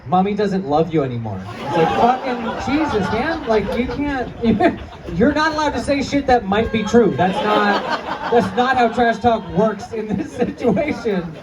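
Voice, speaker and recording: A man's voice: extremely high pitch, expressive, unhurried. A man in his thirties doing a profane, self-mocking stand-up set, laughing through his punchlines. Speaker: stand-up comedian. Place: comedy club before a live crowd. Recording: distant stage audio with crowd noise. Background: audience laughter and chatter.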